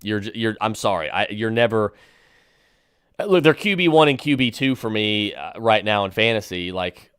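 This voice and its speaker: A man's voice: on the low side, expressive, moderate pace, a bit bright, smooth, dry recording, clean studio sound. A man hosting a podcast and firing off fantasy football advice, with emphatic, decisive picks broken up by fillers and restarts. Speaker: podcast host answering listener questions.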